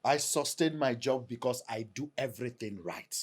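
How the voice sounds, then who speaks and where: Guy doing a worn out husband, husky, asks for respect. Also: mid-range voice, moderate pace, lightly acted. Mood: defensive. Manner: pleading, pompous. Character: defensive, weary husband.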